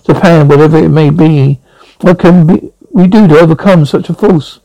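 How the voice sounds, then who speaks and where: A blunt, stubborn older explorer who insists he knows where the danger lies, read plainly by a man. His voice is gravelly and a touch high, with a mellow, dark warmth. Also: fairly even intonation, moderate pace, no echo, lightly acted, poor audio. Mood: insistent.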